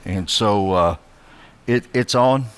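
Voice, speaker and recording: A man's voice: on the low side, slow, clear, resonant tone. A middle-aged man giving a chatty motivational church talk, greeting people by name. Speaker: guest speaker.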